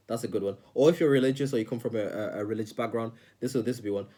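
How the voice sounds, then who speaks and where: A man's voice: medium pitch, rapid-fire, few pauses, mellow. A man giving self-help advice in a casual, earnest monologue, often repeating words and restarting sentences.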